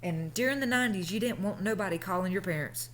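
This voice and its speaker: A woman's voice: medium pitch, quick pace, fairly bright tone, a little hiss or hum. A woman in her thirties telling a personal story in a chatty, colloquial way. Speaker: vlogger. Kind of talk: casual storytelling.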